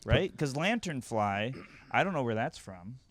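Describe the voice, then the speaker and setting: A man's voice: mid-range voice, sing-song, a little slow, no room sound. A man from Syracuse, New York, a comedian guest chatting casually on a podcast and telling stories with some stammering. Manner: stammering, self-deprecating storyteller.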